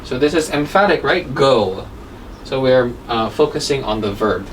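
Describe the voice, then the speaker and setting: A woman's voice: rumbling low, moderate pace. A woman teaching an English grammar lesson, explaining step by step and asking rhetorical questions. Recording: distant mic with faint background noise.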